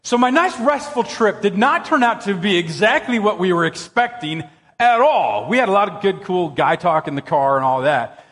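A man preaching a sermon, telling a personal story in an animated, excitable way that jumps up into high exclamations. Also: normal speed. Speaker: pastor. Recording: long reverb of a church hall.

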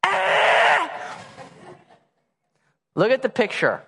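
Preaching a sermon before a congregation, this thirties-aged pastor has a high, expressive man's voice, slightly bright and moving at a normal pace. He mocks himself in playful family anecdotes, performing what his baby and toddler demand, and the church hall adds a long reverb.

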